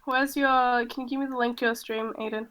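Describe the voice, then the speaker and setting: A woman with a hoarse, smoker-like throat, chatting casually and laughing with friends on a stream. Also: a little high, fairly quick. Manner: animated, laughing. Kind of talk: casual chat.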